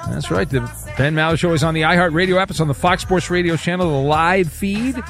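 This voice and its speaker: A man hosting a late-night sports radio show, reading quiz clues in a brisk, jokey way. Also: fairly high pitch, a bit bright, soft background music. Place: radio studio.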